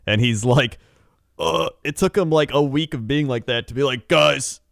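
A man's voice: medium pitch, normal speed, gravelly, no room sound, clean studio sound. A man co-hosting a podcast, rambling through casual stories and laughing often. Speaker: podcast co-host. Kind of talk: casual chat.

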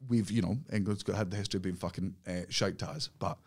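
A man's voice: low voice, steady tone, fast, a little mellow, breathy edge. A Scottish man telling stories in a casual podcast chat, swearing freely and slipping into put-on voices. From Scotland. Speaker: podcast guest.

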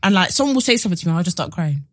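Woman, twenties, podcast chat, animated storyteller, dry recording. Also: rapid-fire, no room sound. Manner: animated storytelling, acts out quoted voices with big pitch jumps. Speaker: podcast co-host. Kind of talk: casual chat.

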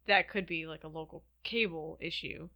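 A woman with a bright, forceful voice chats casually as co-host. She tosses in playful, joking remarks. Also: low-pitched, normal speed. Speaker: podcast co-host. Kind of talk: casual chat.

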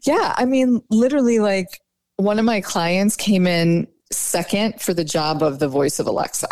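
A woman dating coach chats freely in an interview, her speech full of "like" and "you know." The sound is dry and close, with no room echo. Her pitch sits in the middle range for a woman. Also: normal speed. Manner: chatty, animated, lots of "like" and "you know". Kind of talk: casual podcast interview.

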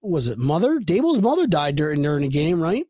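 A man's voice: a little high, big pitch swings, a little fast, dark tone, no room sound, studio quality. A man co-hosting a casual sports podcast, rambling and joking, often repeating words as he starts his thoughts. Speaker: podcast co-host.

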